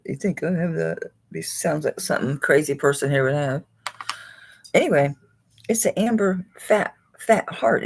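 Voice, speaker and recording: Low husky-voiced woman, lively chat. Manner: chatty, chuckles, talks to the items she holds. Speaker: jewelry seller hosting a live auction. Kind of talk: casual live-stream auction chat.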